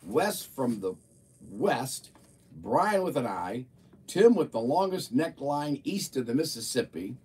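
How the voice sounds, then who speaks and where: A man's voice: medium pitch, big pitch swings, slow, a little mellow, slightly rough, far from the mic. A man hosting a casual livestream, chatting and reading a viewer's report aloud in an amused, playful way. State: a bit of a frog in his throat. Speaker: livestream host.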